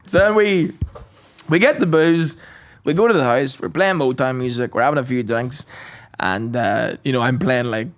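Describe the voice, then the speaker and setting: A man's voice: medium pitch, normal speed. A man, a podcast host telling a rambling anecdote in casual chat, full of swearing and impressions.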